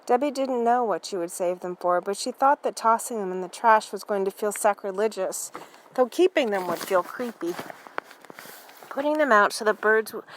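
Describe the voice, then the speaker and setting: A woman reading a novel aloud for a library in a steady, even manner. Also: mid-range voice, rough recording. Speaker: library reader.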